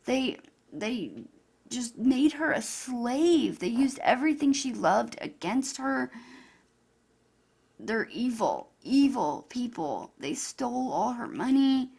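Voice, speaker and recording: Gushing woman vlogger with heavy vocal fry. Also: fairly high pitch, sing-song, slow, a little mellow. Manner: gushing, emotional, chatty. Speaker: YouTuber. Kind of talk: casual vlog commentary.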